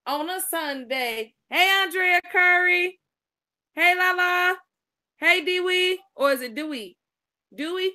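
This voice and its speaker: A woman co-hosts a casual live stream. She rattles off viewers' names in quick greetings. Her voice sits very high and rings sharply bright. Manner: rapid-fire greetings of viewers by name. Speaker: co-host doing the roll call.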